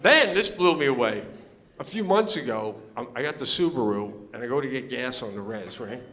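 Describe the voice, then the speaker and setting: A man's voice: mid-range voice, animated, a little fast, fairly bright tone. A man performing stand-up comedy on a theater stage, telling stories animatedly and acting out the voices of people he meets. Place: theater stage before a live audience. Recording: live hall with long reverb. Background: audience laughter.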